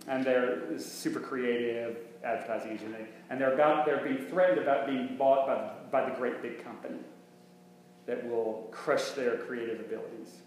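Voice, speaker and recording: Preacher in a booming, echoey church. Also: male voice, fairly even intonation, normal speed. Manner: conversational, many restarts and rhetorical questions. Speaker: minister. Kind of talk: sermon. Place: church sanctuary. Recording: very echoey church room with faint hum.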